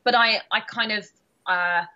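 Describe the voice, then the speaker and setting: A British woman in her thirties tells her stories with animation, laughing often and acting out what people said. Her voice is bright and forward, though the audio comes through dull and lo-fi, like a video call. It sounds like a relaxed interview. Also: medium pitch, a little slow. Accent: British English. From Britain. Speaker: guest, karate champion. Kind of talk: casual interview chat.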